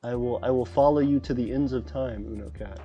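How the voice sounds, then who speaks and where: A man hosting a casual livestream while gaming, rambling excitably and chatting to the creatures on screen. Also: medium pitch, fairly quick, soft background music. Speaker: livestream host. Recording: dull lo-fi sound with faint background beats.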